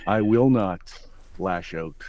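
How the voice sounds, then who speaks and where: Male podcast co-host, lowish voice, theatrical mock gravity, stumbling restarts. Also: narrow, tinny audio, a little hiss or hum. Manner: mock-dramatic, halting with many fillers and restarts. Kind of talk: casual podcast chat.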